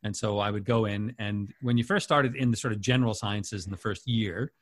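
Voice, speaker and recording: A man's voice: lowish voice, a little fast. A man in casual conversation as a radio host, telling anecdotes with lots of laughter. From Canada. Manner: animated storyteller, laughs often. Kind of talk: casual chat.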